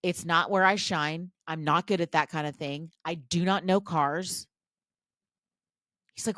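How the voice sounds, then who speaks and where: A woman's voice: lowish voice, a little slow, pushed and bright, dry recording, studio quality. A woman hosting a podcast, talking in a casual, chatty, self-deprecating monologue full of restarts and asides. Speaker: podcast host.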